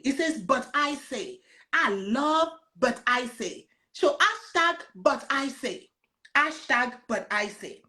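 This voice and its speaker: A high-pitched woman gives a casual sermon. She is animated and laughs often between verses, and she repeats key phrases for emphasis. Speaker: preacher. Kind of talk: casual sermon reading scripture.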